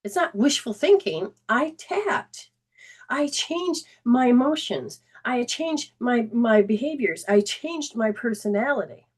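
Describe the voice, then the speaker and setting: Speaking slowly in a slightly high, husky voice, a spiritual healing coach hosts a self-help talk. Her tone is earnest and chatty; she frequently starts sentences over and briefly performs remembered conversations with lively voices.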